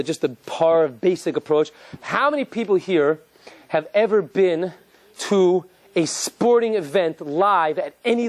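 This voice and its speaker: A man, a rabbi, giving an animated, joking lecture and quizzing his live audience. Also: high-pitched, no room sound.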